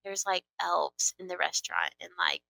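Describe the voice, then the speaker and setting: A young woman co-hosting a casual chat, teasing and quick to question. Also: lowish voice, wildly swooping pitch, vocal fry, pushed and bright, no room sound, low-quality recording. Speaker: co-host.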